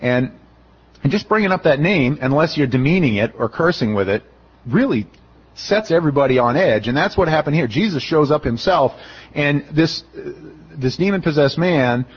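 A man's voice: a little high, normal speed, husky, lo-fi sound. A middle-aged man as a pastor giving a conversational sermon, acting out the voices of the people he quotes. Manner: conversational, acts out quoted voices, animated retelling. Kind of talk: expository sermon.

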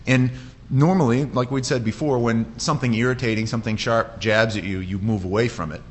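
A man's voice: medium pitch, a little fast, slight background noise. Man preaching a conversational sermon. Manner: conversational, with frequent restarts and animated quoted voices. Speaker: pastor. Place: church.

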